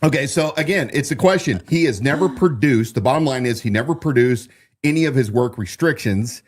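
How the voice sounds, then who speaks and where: A man's voice: medium pitch, expressive, a little fast. Man talking through political commentary. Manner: conversational, many restarts and repeats. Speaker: podcast co-host.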